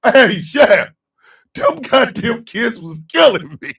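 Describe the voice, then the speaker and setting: A man chatting loosely with his livestream chat, telling a story loudly and profanely and often breaking into laughter. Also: very high-pitched, sing-song, takes it slowly, far from the mic.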